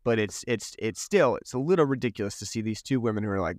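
A man's voice: on the low side, animated, fast, few pauses, no room sound. Sarcastic rambling man, dry sound. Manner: rambling, sarcastic, restarts phrases. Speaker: podcast co-host. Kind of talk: casual movie review chat.

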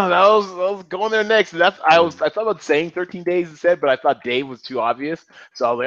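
Rambling, animated man on a dry mic. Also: sits high, fairly quick, few pauses, no echo, highs cut off. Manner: animated, rambling, laughs often. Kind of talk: casual chat.

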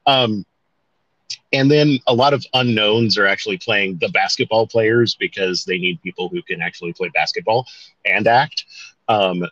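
A man with a low voice co-hosts a podcast in loose casual chat, wandering through his thoughts and correcting himself as he goes. The sound is dry and a little dull, with no room around it. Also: normal speed, fairly bright tone, no room sound. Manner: rambling, self-correcting, with mild swearing. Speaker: podcast co-host.

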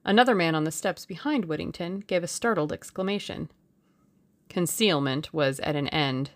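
A woman narrating an audiobook in a measured, steady storytelling way. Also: sits low.

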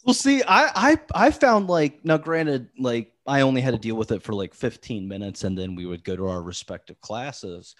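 A man's voice: mid-range voice, animated, normal speed, few pauses, no room sound, studio quality. A man hosting a podcast, telling a story in casual chat, rambling with lots of "like" fillers and restarts. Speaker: podcast host.

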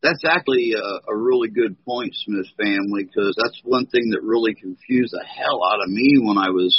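A middle-aged American man with a husky voice tells a meandering story, stopping often to search for words. His voice comes through dull and lo-fi. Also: on the low side, normal speed, no echo. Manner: rambling, hunts for words with many fillers. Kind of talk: casual chat. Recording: dull lo-fi sound.

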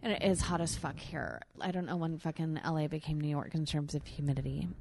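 A woman hosting a podcast in casual chat, candid and profane, talking freely and getting animated. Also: low-pitched, fairly quick, vocal fry, a little hiss or hum. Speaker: podcast host. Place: hot room.

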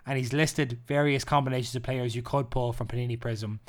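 A man's voice: mid-range voice, fairly even intonation, a little fast. A man co-hosting a casual podcast, rambling and joking as he reads out lists with playful emphasis. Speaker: podcast co-host. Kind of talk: casual chat.

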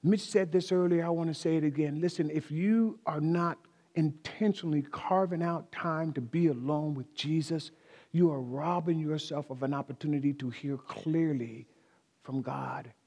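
A man's voice: fairly high pitch, moderate pace, mellow, big-room sound. A man preaching a sermon, speaking emphatically, repeating key phrases and talking directly to the congregation in a church. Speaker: pastor.

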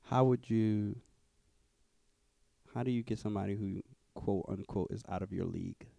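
Gravelly man asking short questions. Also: on the low side, moderate pace, mellow, no room sound. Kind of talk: casual chat.

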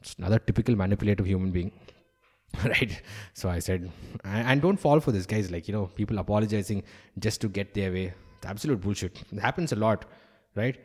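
A man's voice: lowish voice, a little fast, darkish tone, husky. A man, a stand-up comedian, talking in a candid, opinionated podcast monologue and swearing freely.

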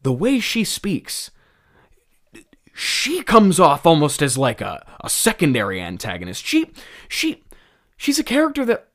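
A man's voice: on the high side, wildly swooping pitch, a little slow, long pauses. Rambling, self-mocking young man. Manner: rambling, self-mocking, many restarts and laughs. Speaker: podcast host. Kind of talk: casual commentary on his old script.

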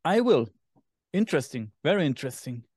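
A man with a German accent chats casually as a podcast co-host, his voice a little higher than most men's. He stops now and then to find the right English word. The sound is close and dry, with no room around it. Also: big pitch swings, darkish tone, slightly rough, no room sound. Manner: halting, searches for English words. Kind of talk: casual chat.

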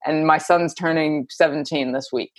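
A woman's voice: low voice, fairly even intonation, normal speed, dry recording. A woman who works as a coach and therapist, speaking candidly and expressively as a podcast guest. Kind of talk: candid conversational interview.

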